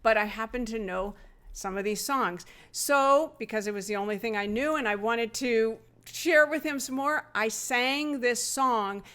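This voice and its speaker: A woman's voice: a little high, unhurried, clean tone. A middle-aged woman, the host's mother, telling a personal story in a casual podcast conversation, with fillers and restarts. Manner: warm anecdotal telling with many fillers and restarts.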